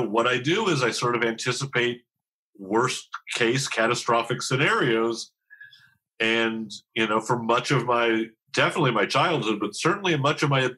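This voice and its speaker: A man's voice: mid-range voice, bright, forceful tone, poor audio. A man in his fifties, a TV writer talking candidly as a podcast guest, self-deprecating and rambling with many restarts. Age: 50s. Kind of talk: candid conversational interview.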